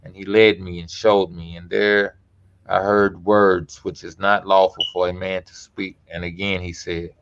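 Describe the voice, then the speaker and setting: Male podcast host, lowish voice, slow emphatic scripture reading with casual asides; dull lo-fi recording. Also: level tone, fairly bright tone, clear, resonant tone.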